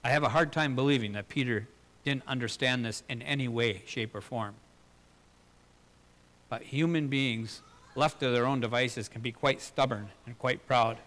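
A man preaching a sermon in an earnest way, asking rhetorical questions, swelling louder and then dropping low. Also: normal speed. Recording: long hall reverb.

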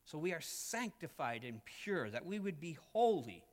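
A man preaches in a church, his fairly high voice carried by a long hall reverb. He swings between loud, emphatic peaks and hushed, intimate asides. This is full sermon delivery. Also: big pitch swings, normal speed. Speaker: pastor.

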